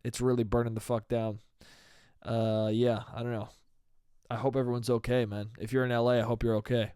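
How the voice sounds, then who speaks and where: A man's voice: medium pitch, flat delivery, fairly quick, dark tone, smooth, no echo, studio quality. A young man hosting a solo comedy podcast, rambling loosely and profanely, calling everyone "dude" and "bro". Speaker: podcast host.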